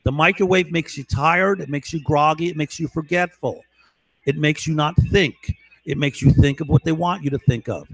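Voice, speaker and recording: Guy ranting urgent and emphatic, kinda high voice, dry sound, keeps repeating himself. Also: moderate pace, a bit bright, dry recording, poor audio. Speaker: vlogger. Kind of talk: rambling monologue to camera.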